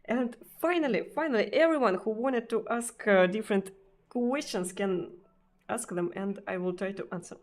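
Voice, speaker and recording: A Russian-accented woman streaming live, talking to her chat in a loose, unhurried way. Her pitch sits in an ordinary middle range for a woman. She searches for words, repeats herself, and often drops in small fillers. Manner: hesitant, many fillers and repeated words, frequent laughs.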